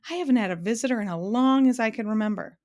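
A woman's voice: a little high, fast, a little mellow, lo-fi sound, voice pushed up, natural voice. Woman reading as a muddled, fussy ordinary man.

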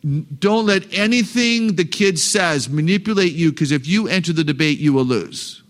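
A man's voice: a little high, lively intonation, moderate pace, a bit bright. A man giving a live talk to parents, joking and asking the audience questions. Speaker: parenting seminar speaker.

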